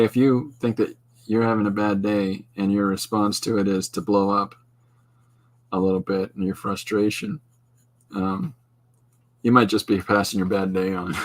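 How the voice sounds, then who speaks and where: A middle-aged man from Canada, hosting a podcast and rambling casually while he draws, wandering and restarting his thoughts. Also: on the low side. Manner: meandering, digressive, with many restarts. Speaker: podcast host and artist.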